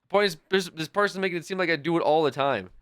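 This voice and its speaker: A man's voice: a little high, quick pace, a bit bright, clean tone, no echo, clean studio sound. A man streaming a game live, talking back to his chat in an exasperated, swearing rant. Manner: frequent swearing. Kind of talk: live gaming stream commentary.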